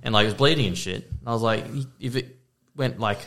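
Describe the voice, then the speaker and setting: Blunt Australian dad, low voice. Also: male voice, fairly quick. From Queensland, Australia. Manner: blunt, swearing, deadpan one-liners. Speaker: podcast co-host. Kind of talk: casual chat.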